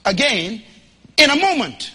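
A man from the Bahamas, preaching a sermon in an emphatic, folksy and humorous way that builds to shouting as he urges the congregation to respond. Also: extremely high pitch, big pitch swings, measured pace, husky.

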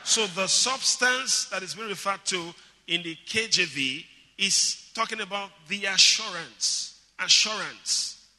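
Bright-voiced male preacher in a reverberant hall. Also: high voice, unhurried. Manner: emphatic teaching, repeats key words, calls for congregation response. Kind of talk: sermon. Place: church hall. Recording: long reverb of a large hall.

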